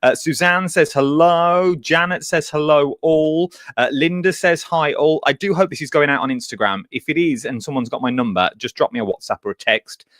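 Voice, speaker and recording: A man's voice: on the high side, normal speed, hardly any pauses, fairly bright tone, no echo. A man hosting a casual live stream from a makeshift home studio, speaking, chatty and jokey as he reads out viewer greetings. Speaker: host.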